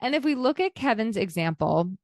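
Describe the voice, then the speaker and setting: A woman's voice: a little high, big pitch swings, a little fast, darkish tone, no room sound, clean studio sound. A woman hosting her own podcast, speaking candidly and reflectively, sometimes emotional. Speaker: podcast host. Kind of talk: reflective personal podcast talk.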